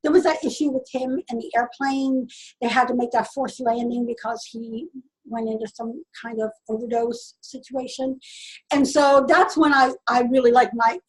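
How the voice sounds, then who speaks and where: A woman casually telling a personal story in an earnest, halting way, often restarting her sentences. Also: fairly high pitch, fairly even intonation, rough recording. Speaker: vlogger.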